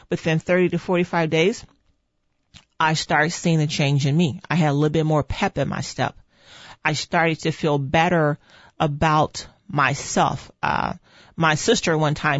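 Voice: medium pitch, no echo. An earnest, encouraging speaker giving a motivational talk on coping with chronic pain in a lo-fi recording. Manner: earnest, encouraging, repeats "okay" and "see". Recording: dull lo-fi dry sound.

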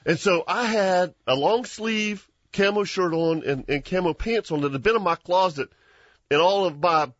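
Guy hosting an outdoors show, husky voice, keeps laughing and restarting, dry dull lo-fi sound. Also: high voice, normal speed, no echo. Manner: animated storyteller, laughs often, many restarts. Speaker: hunting show host. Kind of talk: casual storytelling chat.

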